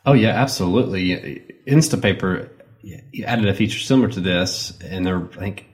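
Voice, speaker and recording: A man with a Southern American accent, co-hosting a podcast in a relaxed, rambling way with many fillers. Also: sits low, moderate pace. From Southern United States. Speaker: podcast co-host. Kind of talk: casual podcast chat with sponsor reads.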